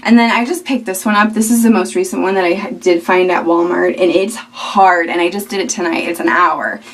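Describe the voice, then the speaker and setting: A woman's voice: lowish voice, fairly even intonation, fairly quick, far from the mic. A young woman in her twenties talking casually to camera at home, chatty and rambling with fillers. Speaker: vlogger. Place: at home indoors.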